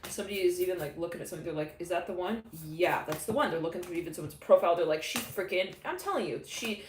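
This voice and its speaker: A woman's voice: fairly low pitch, lively intonation, fast, echoey room, slight background noise. A woman giving a live tarot reading in a rambling, casual way, with many restarts and frequent laughter. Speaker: tarot reader.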